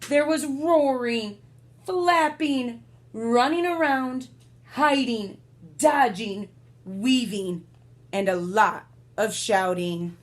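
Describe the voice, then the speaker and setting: Slow, high-voiced woman reading a picture book. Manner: slow, expressive read-aloud with sound effects and asides to listeners. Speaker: storyteller.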